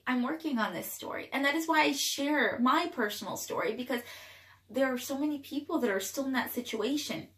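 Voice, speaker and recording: A young woman with a fairly high voice tells her personal story through tears, halting and restarting her sentences. She sounds emotional and shaken. The recording has a noticeable room echo. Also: a bit bright. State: crying. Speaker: vlogger telling her own story. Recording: echoey room.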